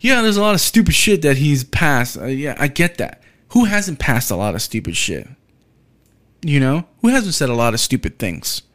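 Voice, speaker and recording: A man's voice: a little high, big pitch swings, normal speed, a bit bright. Blunt, profane man ranting on a podcast. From Texas. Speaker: podcast host. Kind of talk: opinionated solo rant.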